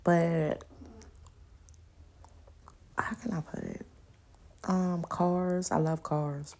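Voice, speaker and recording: A young woman hosting a podcast, chatting casually and telling loud, animated stories full of laughter and acted-out quotes. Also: fairly low pitch, drawn-out words. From New York and the countryside. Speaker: podcast host. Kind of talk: casual solo podcast chat.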